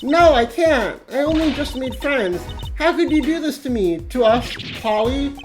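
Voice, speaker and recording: A woman playing a cheeky teenage girl magician, high and bouncy with lively swings in her voice. Game music runs underneath. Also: unhurried. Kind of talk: reading game dialogue aloud on a stream.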